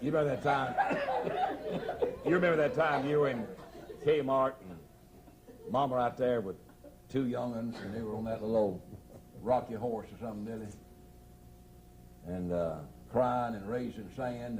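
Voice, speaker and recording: Evangelist egging on a storyteller. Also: male voice, medium pitch, steady tone, moderate pace, long pauses. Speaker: evangelist and co-host. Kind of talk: live comic chat on stage.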